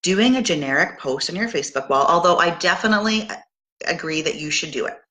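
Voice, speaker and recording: Bright, low-pitched woman coaching her sales team. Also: lively intonation, fairly quick. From Canada. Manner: upbeat coaching, many fillers and restarts. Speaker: direct sales team leader. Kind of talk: casual motivational talk.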